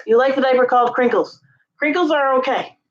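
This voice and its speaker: A woman's voice: brisk, dull audio. Sick-sounding woman rambling in a vlog. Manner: rambling, many fillers, coaxes cat in high sing-song calls. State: sick, voice strained. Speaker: vlogger. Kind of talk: casual vlog chat. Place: home closet, indoors.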